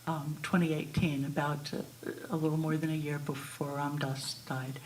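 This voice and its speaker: A woman's voice: deep voice, little pitch movement, normal speed, a little mellow, a little hiss or hum, low-quality recording. A woman from the audience asking a question into a handheld mic, hesitant and searching for her words. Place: ashram hall at a live retreat.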